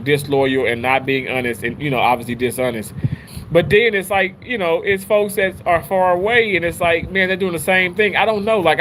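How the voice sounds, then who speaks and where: A man talks casually to his livestream chat, rambling and restarting his sentences. His voice sits a little high and jumps around in pitch when he gets worked up. A faint hum of background noise sits under the recording. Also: fairly bright tone, poor audio. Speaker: livestream host reading chat.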